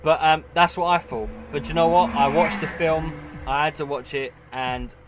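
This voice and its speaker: A man's voice: fairly high pitch, steady tone, normal speed, noisy background. A man co-hosting a casual chat, rambling and cutting himself off mid-sentence. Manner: rambling, self-interrupting. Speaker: co-host.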